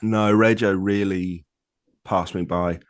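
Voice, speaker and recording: A man's voice: deep voice, steady tone, slow pace. A man in his thirties co-hosting a podcast in easygoing, enthusiastic casual chat. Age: 30s. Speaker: podcast co-host.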